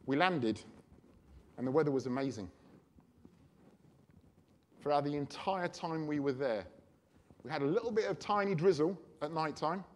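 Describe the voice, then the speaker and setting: A man preaching a sermon, telling a personal story in a chatty, animated way. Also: on the high side, moderate pace, long pauses.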